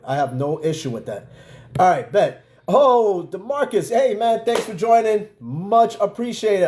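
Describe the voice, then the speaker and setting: A man's voice: high-pitched, mellow. A middle-aged man with a New York accent hosting his podcast in casual, loose live-stream chat, full of fillers and asides to viewers. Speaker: podcast host.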